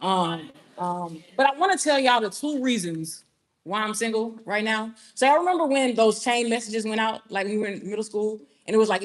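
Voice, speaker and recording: Chatting with the audience between lines, a young Georgia woman with a Southern accent performs a comic spoken-word piece in a conversational, storytelling way. The performance poet's voice sits fairly high.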